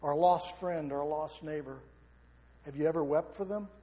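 The long reverb of a large hall surrounds a middle-aged pastor preaching with passion. His voice is slightly high and mellow at a moderate pace, and he fires rhetorical question after question at his listeners.

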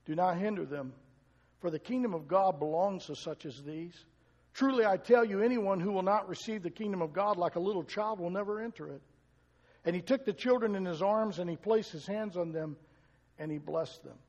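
A man's voice: high-pitched, moderate pace, darkish tone, big-room sound, dull audio. A male pastor preaching a sermon, talking to the congregation in a conversational way and asking it questions.

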